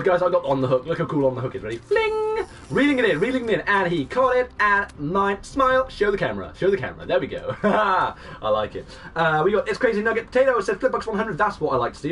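A young man in his twenties live-streaming a game, greeting and thanking viewers and breaking into excited shouts. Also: a little high, far from the mic, slight background noise. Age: 20s. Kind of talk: live-stream chat reading out viewers' messages.

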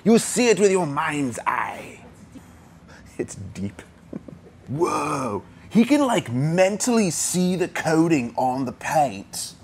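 A man's voice: on the high side, very animated, gravelly, slight background noise, voice pushed up, heavily acted. A man putting on a goofy muddled surfer-style accent. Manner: dreamy, drawn-out, mock-profound.

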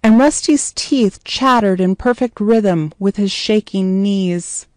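A woman narrating a scripted story in a measured, clear way. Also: medium pitch, darkish tone, dry recording, studio quality.

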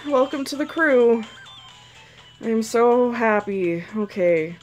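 A woman's voice: fairly high pitch, expressive, slow. A young woman hosting her own gaming channel, chatting emotionally to herself and the game characters as she opens card pulls. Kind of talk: casual gacha-pull commentary. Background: faint game music.

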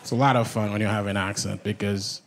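A man's voice: on the low side, steady tone, fast talker, some chatter behind, slight background noise. A man from Haiti with a Haitian accent, doing a stand-up comedy routine in a conversational, exasperated style on a live stage.

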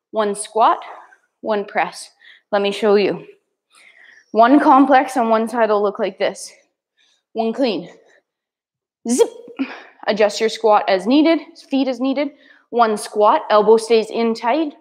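A woman instructor talks a class through kettlebell moves, counting reps and naming each step in short, brisk cues. Her voice sits a little high, and she takes her time between phrases. Now and then she is out of breath from the workout. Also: rough recording. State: out of breath at times. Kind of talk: live workout class cueing.

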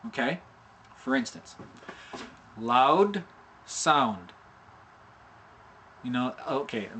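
Man, middle-aged, animation instructor, casual tutorial, animated pitch, keeps saying okay. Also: a little hiss or hum. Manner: chatty, repeats "okay?" often, demonstrates mouth sounds.

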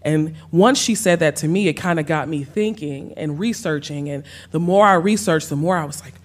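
A woman with a Gullah Geechee Lowcountry accent, a cookbook author speaking onstage before an audience, telling stories warmly and laughing often. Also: moderate pace. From South Carolina Sea Islands. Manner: warm storytelling, laughs often, says y'all. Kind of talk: onstage conversation. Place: stage under lights before an audience.

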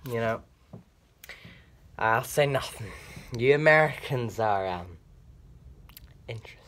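A man's voice: medium pitch, expressive, unhurried, fairly bright tone. Exasperated man with a Northern Irish accent. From Northern Ireland. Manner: exasperated, muttered asides. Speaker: sketch comedian. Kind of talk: comedy sketch.

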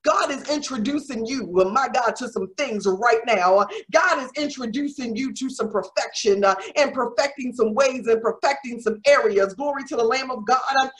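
Middle-aged female apostle, fervent sermon delivery, slightly high voice, constant "my God" refrains. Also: normal speed, few pauses. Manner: repeats "my God" constantly, rising to shouts. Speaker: apostle preaching.

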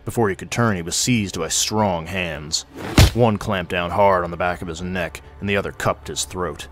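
A man reading a short story aloud at a measured, steady pace. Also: low-pitched. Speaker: narrator.

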